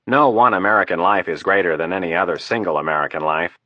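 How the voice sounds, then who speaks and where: A man's voice: low voice, fast, no room sound, dull audio, natural voice. A man voicing a crude, scheming male political aide who talks with confident coarseness.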